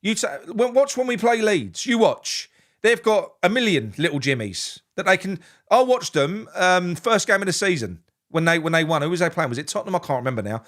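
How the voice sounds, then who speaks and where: Frustrated swearing football fan host. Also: male voice, sits high, very animated, a little fast, fairly bright tone. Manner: frustrated, swearing, restarts often. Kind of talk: live match reaction with chat.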